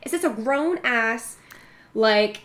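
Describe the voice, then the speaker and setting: Laughing, animated young woman telling stories. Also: a little high, slow pace. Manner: storytelling with bursts of laughter, acts out quotes; swears freely. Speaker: podcast co-host. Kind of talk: casual chat.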